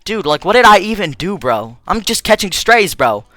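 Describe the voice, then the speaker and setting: A man's voice: high-pitched, big pitch swings, normal speed, bright, forceful tone, dry recording, faint music behind. A young man casually commenting over a video game he's playing, with joking, slangy, crude asides. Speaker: let's play host.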